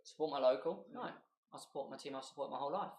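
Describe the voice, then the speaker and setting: A man's voice: fairly high pitch, quick pace, darkish tone, reverberant, slight background noise. A man talking through a live football match and chatting loosely with his viewers as a streamer. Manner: chatty, loose, reacts to play and reads out viewer names.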